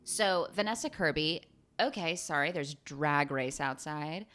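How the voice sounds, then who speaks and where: A woman in her twenties giving a rambling, sweary comedic movie recap full of lively asides. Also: low-pitched, measured pace. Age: 20s.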